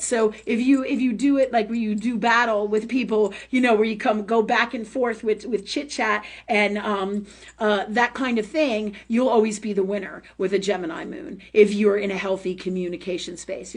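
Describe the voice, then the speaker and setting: A woman hosting a live online talk forum, chatting casually and animatedly about astrology, swearing often and tagging her points with "right?". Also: medium pitch. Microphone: livestream setup.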